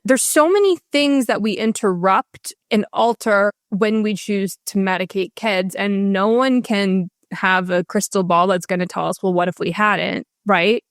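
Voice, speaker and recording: A woman's voice: mid-range voice, dry recording. Woman, interview guest, impassioned, emphatic, dry sound, restarts often. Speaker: guest author. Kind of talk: candid interview conversation.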